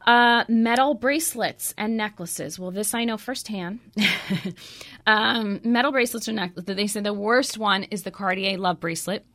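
A middle-aged woman hosts a radio show, speaking in a mid-range, slightly bright voice at a moderate pace. She chats casually and tells anecdotes, using lots of filler words.

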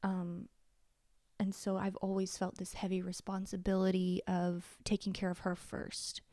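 A woman's voice: mid-range voice, monotone, unhurried, mellow, no room sound, studio quality. A woman in her thirties hosting a confessional solo podcast from home, tearful and sniffling, candid and blunt. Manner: candid, blunt, swears freely. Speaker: podcast host.

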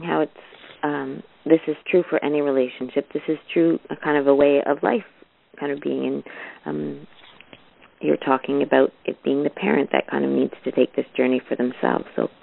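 A woman's voice: sits low, creaky, breathy edge. A woman hosting a podcast, asking questions in a hesitant, affirming way. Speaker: podcast host, interviewer. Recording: tinny phone-line sound.

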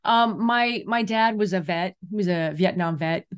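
A woman from California, a comedian guest, telling stories in an animated, chatty way during an interview. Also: mid-range voice, moderate pace, smooth. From California, USA. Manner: animated, chatty storyteller who acts out quotes. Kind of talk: casual interview storytelling.

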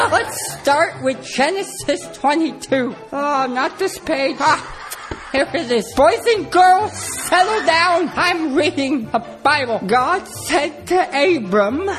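A woman's voice: high voice, big pitch swings, drawn-out words, full character voice, poor audio. A woman playing a frantic Sunday school teacher. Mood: chirpy. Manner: increasingly frantic, shouting and flustered. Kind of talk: comedy sketch acting. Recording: music playing under the voice.

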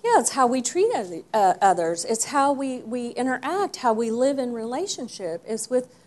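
A woman's voice: on the high side, very animated, normal speed, a little mellow. A woman leading a church Bible study class, teaching emphatically and putting questions to the group.

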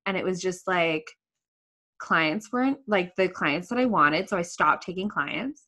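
A young woman on a podcast, telling an emotional story quickly and swearing freely. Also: lowish voice, expressive, bright, forceful tone. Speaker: podcast guest, author. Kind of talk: casual podcast chat.

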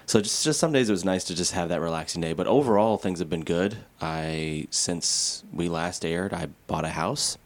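Low-voiced chatty young man. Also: normal speed, hardly any pauses. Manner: chatty, laughs often, self-deprecating. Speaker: podcast co-host. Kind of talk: casual chat.

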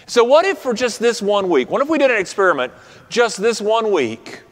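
Pastor, male, high voice, earnest sermon, trailing off soft for emphasis, long church reverb. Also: sing-song, normal speed. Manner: earnest, drops to soft quiet endings for emphasis. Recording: reverberant hall.

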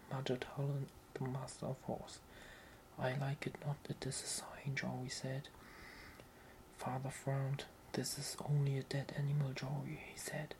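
A narrator softly whispering a fantasy novel aloud in whispered role-play, slow and even. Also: mid-range voice, a little hiss or hum, low-quality recording.

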